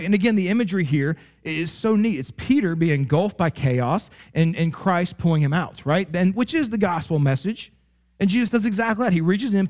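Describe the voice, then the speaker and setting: A man preaching a sermon as pastor, conversational and animated, with frequent "right?" asides that check in with the congregation. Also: high voice. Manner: animated, rising sharply in playful examples.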